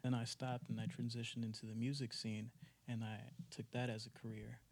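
A man's voice: medium pitch, a little fast, creaky. A young man, a podcast guest who acts and makes music, telling a story in casual chat and acting out what he thought back then. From United States. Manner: animated storytelling, acts out his own past thoughts.

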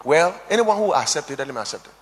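A high-pitched man preaches with a wildly animated voice, swinging from shouts down to near-whispers as he quotes scripture. His sermon rings with a long reverb, as in a large hall. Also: quick pace. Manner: preaching with sudden shouts and quiet drops, quoting scripture.

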